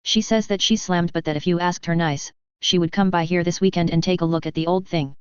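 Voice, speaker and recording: A woman's voice: fairly low pitch, fairly even intonation, a little fast, clean tone, dry recording, highs cut off, natural voice. A woman voicing a weathered old man who teases his son. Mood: teasing. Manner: teasing, chuckling. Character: weathered, teasing old man, the hero's father.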